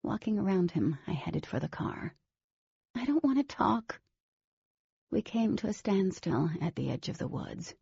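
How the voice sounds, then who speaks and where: A woman's voice: medium pitch, very animated, unhurried, creaky, warm tone, slightly rough, no echo, highs cut off, full character voice. A woman narrating a novel as a wary teenage girl, in scripted audiobook style.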